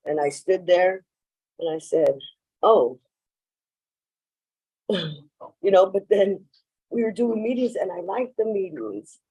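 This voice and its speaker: A woman with a medium-pitched, husky, dark voice tells her story animatedly and a little slowly at a recovery meeting, rambling, full of "you know," and acting out others' lines. It's a personal share in a meeting room, on a low-quality recording.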